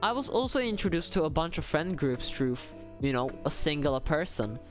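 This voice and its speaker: A man's voice: fairly high pitch, very animated, a little fast, soft background music. A young man chatting casually on a livestream, rambling and self-deprecating with lots of fillers. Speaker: streamer.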